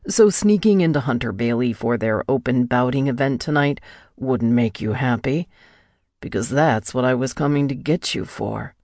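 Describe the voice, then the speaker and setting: Lady doing a cocky young dude who mocks and swears, deep gravelly tone, dry audiobook read. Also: expressive, moderate pace, a little mellow, no room sound, full character voice. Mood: teasing. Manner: mocking, blunt, swears casually. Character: cocky, sneering young man, domineering lover. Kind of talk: audiobook dialogue reading.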